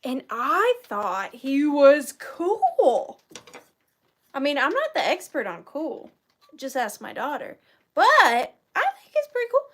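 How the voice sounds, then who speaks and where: A woman's voice: sits high, wildly swooping pitch, slow, fairly bright tone. A woman in her thirties hosting a live vintage sale, chatty and self-deprecating, easily moved to tears. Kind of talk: chatty live-stream selling.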